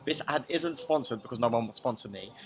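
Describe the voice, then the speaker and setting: A man's voice: medium pitch, expressive, fast, lightly acted. A man putting on a chirpy British beauty influencer with breezy vlogger patter.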